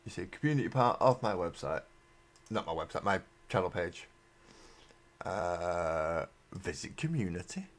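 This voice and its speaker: An Englishman with a deep, expressive voice speaks a little slowly while hosting a live stream on a desk mic and webcam, building miniatures as he goes. He chats casually, rambling in a self-mocking way and often trailing off into mumbles.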